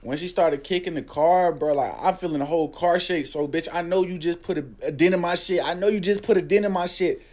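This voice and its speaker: Casting: young guy with a higher voice, slangy animated storyteller. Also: fairly quick, hardly any pauses. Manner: slangy, animated, says bro constantly. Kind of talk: casual storytelling.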